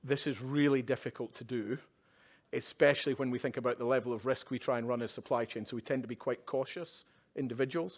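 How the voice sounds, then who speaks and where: A man's voice: medium pitch, brisk. Man giving a conversational keynote. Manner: conversational, with tag questions and wry asides. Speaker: keynote speaker. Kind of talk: conference keynote. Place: conference stage at a live event.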